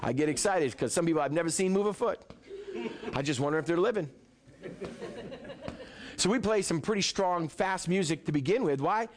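A man preaching to a church congregation with a somewhat high voice. He swings from joking, lively talk to soft, hushed prayer. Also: moderate pace, pauses often. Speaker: pastor. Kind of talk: sermon.

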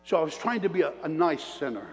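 A man preaching his testimony as an animated storyteller, folksy and plain-spoken, calling out to the congregation. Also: a little high, fast. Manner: animated storyteller with preacher call-outs to the crowd; folksy self-described redneck talk. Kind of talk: sermon testimony. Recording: long reverb of a large hall.

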